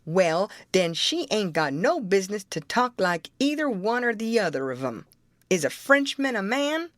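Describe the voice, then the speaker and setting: A woman's voice: mid-range voice, big pitch swings, normal speed, no echo, clean studio sound, lightly acted. A woman reading an audiobook, voicing a stubborn, argumentative grown man with an insistent folksy drawl.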